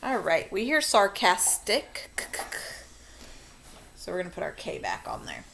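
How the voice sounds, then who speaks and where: A woman teaching a children's spelling lesson, dictating words slowly and walking through how to mark each syllable. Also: mid-range voice, very animated, vocal fry, a bit bright, slight background noise. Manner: slow, stretched-out word dictation.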